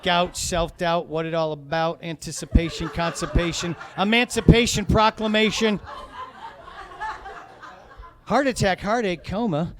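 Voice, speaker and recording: A man performing a profane stand-up comedy set in a comedy club, swinging between loud rants and quiet asides. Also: high voice, fairly even intonation, unhurried.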